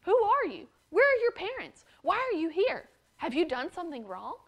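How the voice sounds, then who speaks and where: A woman voicing a band of rough, armed men who question a boy in a children's story. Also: high voice, big pitch swings, normal speed, a bit bright, lo-fi sound. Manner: blunt questioning.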